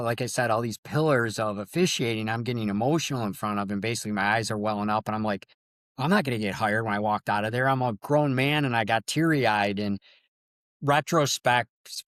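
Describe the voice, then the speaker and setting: A man's voice: medium pitch, a bit bright, no echo, studio quality. A middle-aged man, a sports official, telling earnest and emotional stories in an interview. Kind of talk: storytelling interview.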